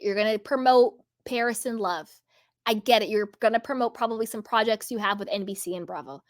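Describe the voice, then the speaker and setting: A woman's voice: mid-range voice, a bit bright, no room sound. Opinionated woman with a dry, close sound. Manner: emphatic, opinionated, repetitive. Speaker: channel host. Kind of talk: reality TV commentary.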